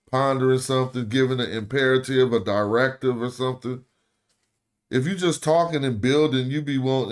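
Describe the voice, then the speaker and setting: Slangy man teaching a casual lesson. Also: medium pitch. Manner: slangy, repeats and restarts, asks the listener questions. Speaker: teacher of ancient Egyptian.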